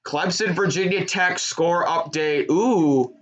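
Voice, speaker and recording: A young man giving live reaction commentary on a college football game, excitable and shouting at big plays. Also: fairly high pitch, slow, highs cut off. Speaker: sports streamer.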